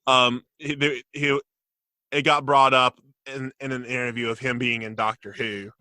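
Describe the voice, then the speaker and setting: Bright-toned guy co-hosting a podcast, upbeat and jokey, dry mic. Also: medium pitch, flat delivery, no room sound. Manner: upbeat, quick to quote and joke. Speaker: podcast co-host. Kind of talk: casual chat.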